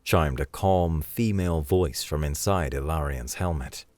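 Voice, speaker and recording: A man narrating a scripted sci-fi story in a steady, dramatic storytelling manner. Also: rumbling low, unhurried, no room sound.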